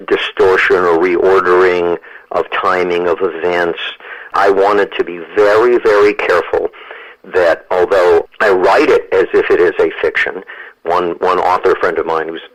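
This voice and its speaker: A man in his sixties speaks as a guest on a radio interview, his voice sitting deep and low. He is emphatic and insistent, and often repeats a word before pushing on. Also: fairly even intonation, a little slow, rough recording. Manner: emphatic, repeats words as he goes. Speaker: guest author and lawyer.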